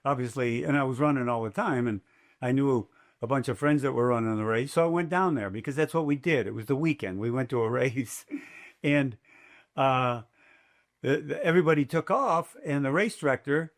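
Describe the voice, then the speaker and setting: An older man, a race announcer, telling a story as a podcast guest in a lively, chatty way. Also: mid-range voice, moderate pace. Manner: lively, chatty, fond of quoting himself. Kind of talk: casual storytelling.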